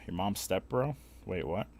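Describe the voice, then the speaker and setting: A man's voice: deep voice, darkish tone, slight background noise. A young man streaming a game, chatting casually with viewers in a rambling, profane, opinionated way. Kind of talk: casual live-stream chat while gaming.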